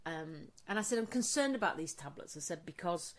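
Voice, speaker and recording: Chatty woman, lively pitch. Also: a little fast. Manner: chatty storyteller, sweary, laughs often. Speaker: podcast co-host. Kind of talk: casual chat.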